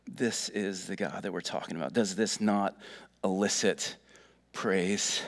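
A man's voice: sits low, fairly even intonation, unhurried. A middle-aged man preaching a sermon in a folksy, earnest way, full of fillers. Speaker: pastor.

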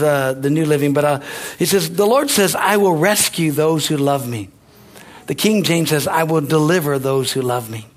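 Husky, high-voiced folksy preacher man. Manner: folksy, animated preaching with sudden rises in pitch. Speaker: pastor. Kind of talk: sermon.

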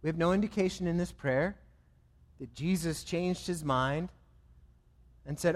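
A man's voice: fairly high pitch, a little slow, in a large hall. A man preaching a sermon as pastor, with an emphatic, repetitive cadence.

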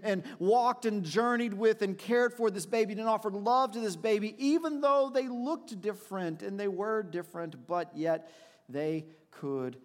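A man's voice: sits high, big-room sound. A man preaching a sermon, telling personal stories in a reflective way with frequent restarts. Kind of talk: sermon with storytelling.

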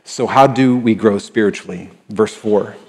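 A man preaching a sermon as a pastor, conversational and animated, acting out little dialogues, often restarting and repeating words. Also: on the low side, normal speed, husky, long reverb tail.

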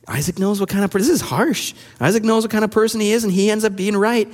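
A man preaching a sermon, reading scripture aloud and explaining it in an animated way, acting out the quoted voices. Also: high-pitched, fast talker. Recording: long hall reverb.

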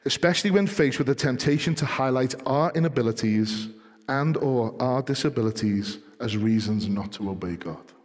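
A man preaching a sermon, moving from calm explanation to rising, emphatic delivery. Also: medium pitch, normal speed. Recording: long hall reverb.

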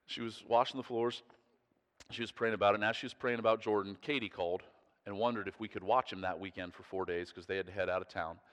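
A man's voice: fairly low pitch, fairly bright tone. A male pastor preaching in a chatty, storytelling way, often breaking off mid-thought and chuckling. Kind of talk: conversational sermon storytelling. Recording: long hall reverb.

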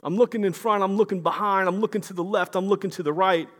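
A man's voice: a little high, sing-song, unhurried, a bit bright, husky, heavily acted. A man voicing a suffering man who earnestly pleads with an unseen God, repeating himself as he searches. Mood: pleading.

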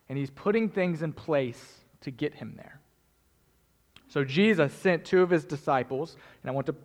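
A man preaching a sermon as pastor, animated and joking as he speaks straight to the congregation. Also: sits high. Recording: long hall reverb.

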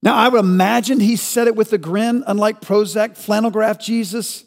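Gravelly preacher in a reverberant hall. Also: male voice, sits high, steady tone, normal speed. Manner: rhetorical questions, rising to loud emphatic peaks. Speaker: pastor. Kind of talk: sermon.

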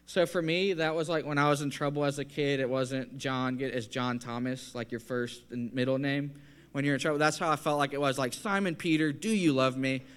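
A man's voice: mid-range voice, level tone, fairly quick, a bit bright, clean tone. A man preaching a sermon in an earnest, conversational way, building to emphatic points.

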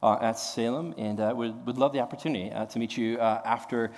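A man's voice: medium pitch, steady tone, fairly quick, a little mellow, big-room sound. A young man from Nebraska, a pastor, telling a story in a sermon, chatty, with many fillers and restarts. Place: church.

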